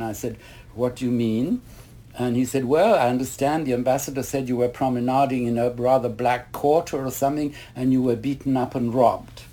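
A man's voice: medium pitch, fairly even intonation, fairly quick, dark tone. An older man, a retired ballet master, telling a long rambling anecdote in a casual interview, quoting others along the way. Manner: rambling anecdotal, quotes others, many asides.

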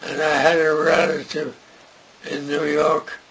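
An older man being interviewed, recalling his past in a slow, halting way with many pauses. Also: a little high, monotone, a crowd in the background. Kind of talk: oral history interview. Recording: noisy recording with clicks.

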